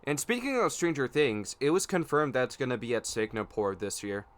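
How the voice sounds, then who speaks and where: A man with a smooth, resonant voice co-hosts a casual podcast. He talks eagerly about what he is looking forward to and offers confident predictions, at a mid-range pitch. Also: sing-song, normal speed. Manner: enthusiastic, makes predictions, frustrated by tech issues. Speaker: podcast co-host.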